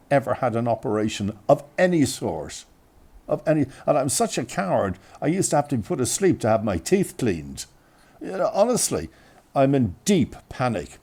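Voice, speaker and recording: A man telling a funny personal story in an animated, self-mocking way. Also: mid-range voice. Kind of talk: comic storytelling.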